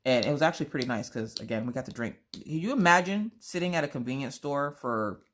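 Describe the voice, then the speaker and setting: Woman, crafting vlogger, casual chat, dramatic, animated storyteller. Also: very deep voice, fast, a little hiss or hum.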